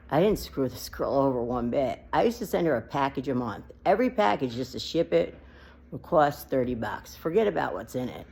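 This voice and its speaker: A woman's voice: extremely low pitch, vocal fry, a little mellow, slightly rough. A woman vlogging off the cuff, rambling and emotional, close to crying as she talks. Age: adult with a child. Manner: emotional, rambling, near tears. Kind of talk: unedited personal vlog monologue.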